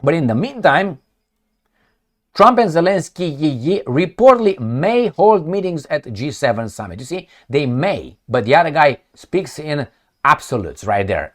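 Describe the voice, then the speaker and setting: A man giving opinionated political commentary, sarcastic and mocking, full of rhetorical questions and restarts. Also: medium pitch. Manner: speaks in short bursts with frequent restarts and rhetorical questions.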